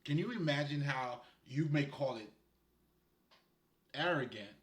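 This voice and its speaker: A man's voice: mid-range voice, animated, a little slow. A man from Haiti giving casual spiritual guidance, rambling and laughing often as he talks. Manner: laid-back, rambling, frequent laughter. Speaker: spiritual guide. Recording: roomy echo.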